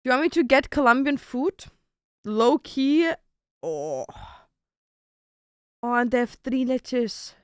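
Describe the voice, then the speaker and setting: A young woman chats away to her stream viewers in a smooth, clear voice that sits a little high. She thinks aloud as she goes and swears casually. The sound is dry and close on the mic. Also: very animated, slow, pauses often, no room sound. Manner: chatty, swears casually, thinks aloud while ordering food.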